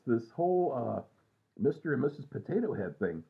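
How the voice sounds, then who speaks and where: Man in his sixties, casual rambling vlog, self-mocking, gravelly voice, tinny phone-like recording. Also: mid-range voice, very animated, normal speed. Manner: rambling, self-mocking, trails off with many fillers. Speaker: vlogger. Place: home at night.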